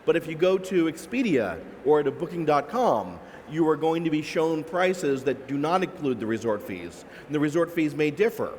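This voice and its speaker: Man, fairly high voice, analytical panelist, halting restarts, echoey hall with faint background hum. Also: animated, darkish tone. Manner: analytical, many restarts and "right?" asides. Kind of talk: explanatory panel talk. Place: large expo hall.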